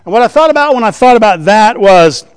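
A man's voice: high-pitched, expressive, fast talker, clear, resonant tone. A man preaching a Bible teaching sermon in a conversational way, often checking in with the listeners through rhetorical questions. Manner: writes on a board while teaching.

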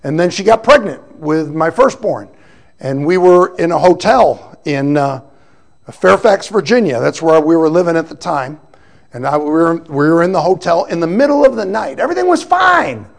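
A man giving a personal testimony, telling his story with animated storytelling and acting out the voices of the people he quotes. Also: a little high, moderate pace, gravelly. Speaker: testimony speaker.

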